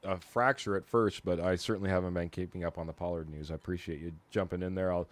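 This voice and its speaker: A man's voice: sits low, steady tone, fast talker, no room sound. A man hosting a casual sports chat, chatty and steering the talk between guests. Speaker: host.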